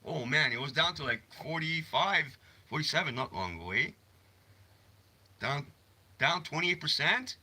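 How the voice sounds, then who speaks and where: A man's voice: medium pitch, lively intonation, normal speed, pauses often, pushed and bright, husky. A man hosting a casual livestream from his phone, rambling, swearing freely, and answering chat messages. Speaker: livestream host.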